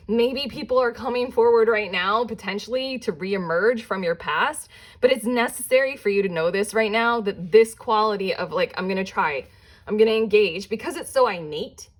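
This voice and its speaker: A woman giving a casual pick-a-card tarot reading, talking in a loose, rambling way full of "like" fillers and restarts. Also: on the high side. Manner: chatty and rambling, with many "like" fillers and self-interruptions; breaks into quick giggles and playful put-on voices. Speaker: tarot reader.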